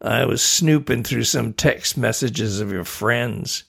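A man voicing a small, sneering male imp who gloats in slow, mocking taunts. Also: mid-range voice, gravelly, fairly bright tone, breathy edge, exaggerated voice. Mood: gloating.

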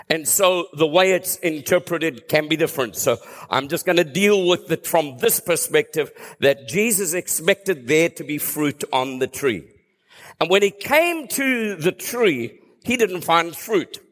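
A man preaching a sermon, swooping from hushed low tones to high exclamations. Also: big-room sound. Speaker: pastor.

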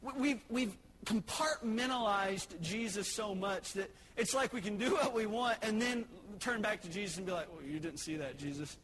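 A man preaching a sermon, swinging between loud exhortation and hushed earnestness. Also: high voice, moderate pace, poor audio.

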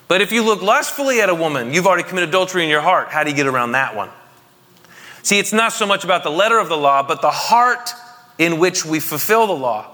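A man's voice: on the high side, quick pace, pushed and bright. A man in his thirties preaching a conversational, jokey sermon to his congregation, often asking them questions. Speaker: pastor. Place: church hall. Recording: long reverb of a hall.

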